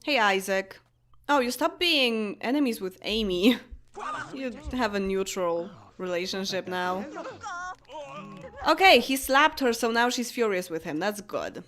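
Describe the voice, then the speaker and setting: A woman's voice: medium pitch, expressive, unhurried, fairly bright tone, faint music behind. A young woman with Polish as her first language, casually commentating a life-sim game, chatting to her characters and laughing often. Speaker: gameplay commentator. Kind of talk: casual let's-play commentary.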